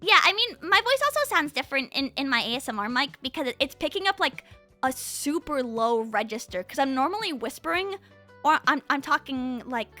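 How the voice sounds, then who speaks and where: A young woman streaming at home, chatting casually with her chat into a condenser mic, her voice swinging from high and excited to low and quiet. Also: brisk, faint music behind.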